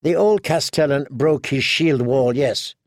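Male reader playing a scornful older sister, calm and cutting, dry close sound. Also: on the high side, a little slow, creaky, dry recording. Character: cool, scornful woman warrior, older sister.

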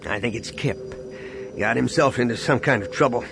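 A man voicing a gruff, grieving starship captain and father, speaking low, quiet and cold. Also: normal speed. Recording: steady background noise.

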